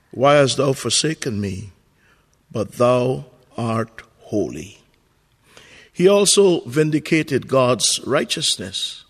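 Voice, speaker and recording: A man giving a devotional sermon in a solemn, deliberate way. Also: mid-range voice, fairly bright tone. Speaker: preacher. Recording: long hall reverb.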